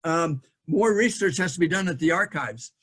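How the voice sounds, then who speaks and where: A man's voice: a little high, animated, moderate pace, a bit bright, breathy edge. A middle-aged man giving a history lecture from slides, thinking aloud with frequent fillers and restarts.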